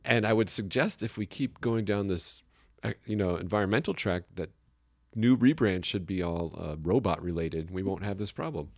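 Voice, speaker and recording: A man's voice: sits low, moderate pace, dry recording. A man co-hosting a casual podcast chat, joking and rambling, often breaking into laughter. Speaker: podcast co-host. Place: Chicago area.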